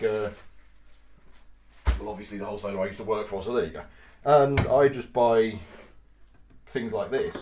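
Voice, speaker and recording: A man chatting and swearing casually as he cuts meat in his home kitchen. He laughs often and gets loud and then quiet. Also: medium pitch, noisy background. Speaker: vlogger. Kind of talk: casual cooking vlog. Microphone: mic on the kitchen table.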